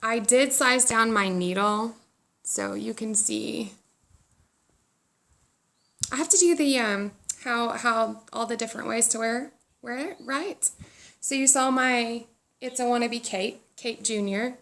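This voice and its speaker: A woman's voice: on the high side, slow pace, vocal fry, long pauses, fairly bright tone. A woman hosting a knitting podcast, chatting casually and rambling a little, self-deprecating as she talks, sitting outdoors. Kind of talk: casual chat.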